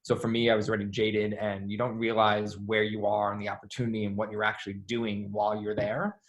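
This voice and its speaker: Low-ish voiced guy chatting away in an interview, says like a lot, animated storyteller. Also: brisk. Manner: chatty, animated, heavy use of "like". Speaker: interview guest, former assistant.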